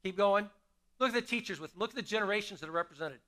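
Man, middle-aged, pastor, sermon, conversational, questions to the crowd, higher-pitched voice, bright tone. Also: quick pace. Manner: conversational, asks the congregation questions and repeats key lines. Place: church sanctuary.

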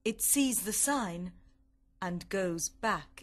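A woman narrates a storybook in a slow, deliberate manner meant for learners. Her pitch sits in the middle but rises and falls expressively. Every word is clearly set apart. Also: sing-song.

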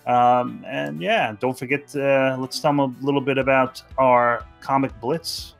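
A man co-hosting a casual podcast, talking hesitantly with fillers and trailing phrases. His voice sits at a middle pitch. Faint music plays underneath. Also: steady tone, measured pace, vocal fry. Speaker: podcast co-host. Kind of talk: casual chat.

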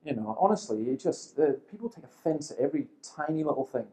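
A man in his fifties giving a seminar talk, telling lively stories with dry humour and acting out the people he quotes. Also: fairly high pitch, fast talker, poor audio. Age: 50s. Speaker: seminar speaker.

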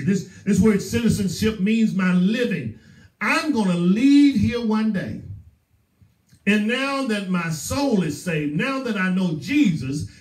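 Preaching in a church sanctuary, a Southern US-accented male pastor hammers his points through emphatic repetition. His voice is high and a little mellow, and the recording has a roomy echo, as if he's some distance away.

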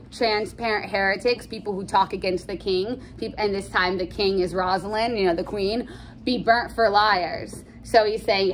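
A woman casually explaining a play in a chatty, slangy, animated way. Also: medium pitch, a little hiss or hum. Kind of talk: casual lesson with read-aloud scenes.

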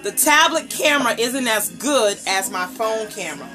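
A woman's voice: a little high, moderate pace, few pauses, bright, forceful tone, soft background music, poor audio. A woman hosting a casual live unboxing stream as a nail polish brand ambassador, gushing over each item and greeting her viewers by name. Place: indoors at home, table set up. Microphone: tablet camera microphone.

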